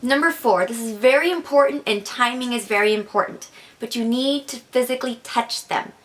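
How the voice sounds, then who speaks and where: A woman's voice: a little high, fairly quick, a bit bright. Chatty young woman giving advice. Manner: chatty, filler-heavy with frequent "like" and "kinda". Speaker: advice vlogger. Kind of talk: casual advice vlog.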